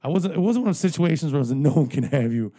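Middle-aged guy rambling fast, lots of swearing, dark mellow low voice. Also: animated. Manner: profane, rambling, laughing at his own stories. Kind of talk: casual storytelling among friends.

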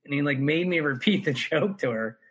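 A man in his thirties, a comedian, telling a story in casual podcast chat, full of swearing and jumping up in pitch when he quotes people. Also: a little fast, breathy edge. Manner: animated storyteller, swearing, jumps high for quoted voices.

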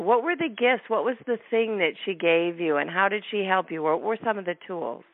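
A woman hosting an interview, chatting in a talkative way with quick laughs and restarts. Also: medium pitch, lively intonation, no echo. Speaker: host. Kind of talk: casual interview chat. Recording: tinny phone-line sound.

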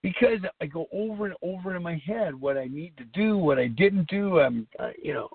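A man's voice: on the high side, expressive, normal speed, creaky, husky, dry recording. A middle-aged man hosting a recovery talk show, speaking in a rambling, earnest way and repeating himself. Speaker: podcast host. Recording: tinny phone-like line.

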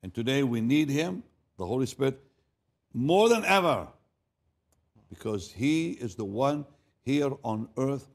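An older man preaching in a storytelling way. His voice falls to a near hush and then rises loud for emphasis, and he doubles back on his words as he goes. His pitch sits in the middle range. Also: expressive, normal speed. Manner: dramatic swings from hushed to loud; repeats words and restarts. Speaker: pastor. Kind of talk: sermon storytelling.

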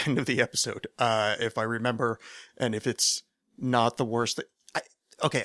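A man's voice: medium pitch, a bit bright, dry recording, studio quality. A man hosting his own podcast, rambling through a casual monologue, interrupting himself and poking fun at his own ideas. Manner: rambling, self-deprecating, digressive. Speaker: podcast host.

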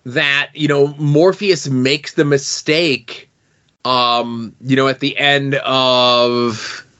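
A man's voice: mid-range voice, fairly even intonation, drawn-out words, bright, forceful tone, lo-fi sound. A man co-hosting a podcast, casually discussing a comic and building an argument with questions. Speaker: podcast co-host.

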